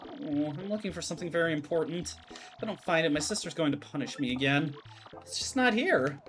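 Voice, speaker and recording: A man's voice: fairly high pitch, lively intonation, a little fast, noisy background, lightly acted. A man voicing a timid young female shadow girl from a game, anxious and self-pitying. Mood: worried.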